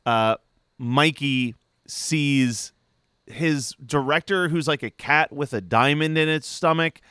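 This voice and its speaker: A man with a bright, crisp voice chats on a podcast, recounting a cartoon plot with lively energy. He swears freely and jumps into the characters' lines. The sound is close and dry, with no room around it. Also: a little high, slow pace, dry recording. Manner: animated, swears, acts out characters in quotes. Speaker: podcast co-host. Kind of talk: casual podcast chat.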